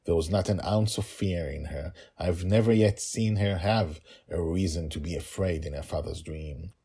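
A man, the author, reading his own story podcast with hurried, chatty asides. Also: deep voice, mellow, husky. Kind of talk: storybook narration with casual asides.

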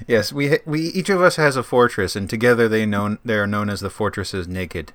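A man's voice: on the low side, normal speed, a bit bright. A man co-hosting a comedy podcast, making dry jokes in casual chat. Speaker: podcast co-host.

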